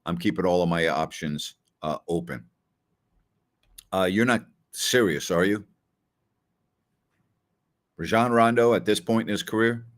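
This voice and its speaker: Low-voiced man answering fan questions. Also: unhurried, pauses often. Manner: conversational storyteller, frequent "you know" and "I mean". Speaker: podcast host. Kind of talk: casual live Q&A, answering viewer questions.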